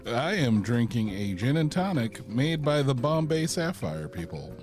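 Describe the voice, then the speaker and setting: A man co-hosts a casual podcast on a close microphone. His mid-pitched voice moves up and down lively. He jokes in a relaxed, easygoing way. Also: unhurried, soft background music. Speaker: podcast co-host.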